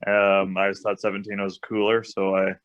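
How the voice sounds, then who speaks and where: A man's voice: on the low side, monotone, moderate pace, fairly bright tone. A young American man, a hockey player, chatting easily as a guest with plenty of ums and uhs. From United States. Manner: easygoing, many ums and uhs. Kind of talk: casual interview chat. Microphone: video call. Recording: dull lo-fi video call audio.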